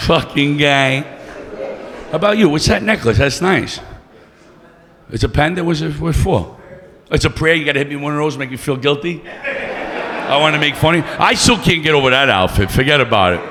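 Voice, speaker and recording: A man's voice: fairly high pitch, expressive, moderate pace, pauses often, noisy background. A man doing stand-up, brash and profane, teasing the crowd. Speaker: stand-up comedian. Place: comedy club stage. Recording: long reverb of a club room.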